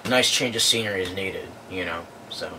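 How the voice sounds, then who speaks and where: A guitarist talking casually in an interview, relaxed and rambling with lots of fillers. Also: male voice, sits low, a little fast, recorded from a distance, noisy background. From born in London, raised in the US. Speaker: band guitarist.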